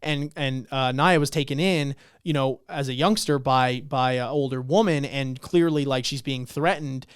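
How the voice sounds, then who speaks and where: A man on a podcast, casually recapping a webtoon and acting out the characters' lines with swearing and excitement. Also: medium pitch, moderate pace, hardly any pauses, clean tone, no echo, clean studio sound. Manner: animated retelling, acts out lines, swears. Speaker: podcast co-host.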